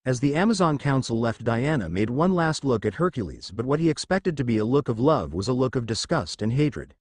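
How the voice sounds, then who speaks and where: A man narrates a dramatic story with a lively, rising and falling delivery. The recording is dry and close to the mic. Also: mid-range voice, a little fast, dry recording.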